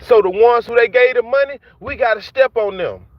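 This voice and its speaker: An extremely high-pitched man talks a little fast, ranting at rappers straight to camera. The heated street talk repeats itself as he taunts and mocks his targets, captured in dull, dry lo-fi sound.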